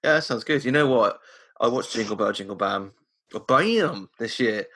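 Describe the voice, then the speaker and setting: A man's voice: fairly low pitch, fairly quick, fairly bright tone. A British man co-hosting a casual podcast chat, blunt and joking. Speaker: podcast co-host.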